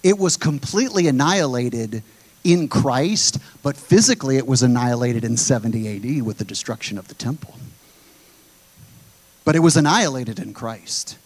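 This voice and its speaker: A man's voice: mid-range voice, lively intonation, normal speed. A man preaching a sermon to his congregation, talking straight to them and driving his points home by repeating them. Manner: preaching with emphatic repetition, addresses the congregation directly. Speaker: pastor.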